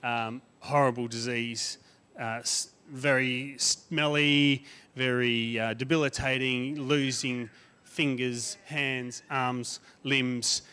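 A man delivers a sermon in a conversational way, with a voice of ordinary middle pitch for a man. He builds emphatic lists loudly and climbs in pitch, then drops to a soft, quiet tone for asides. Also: fairly even intonation, slow, clean tone. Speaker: guest preacher.

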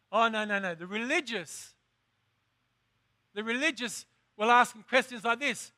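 A man preaching a sermon as pastor, impassioned, drawing out words slowly for emphasis and rising to shouts. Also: extremely high pitch, dry recording, studio quality.

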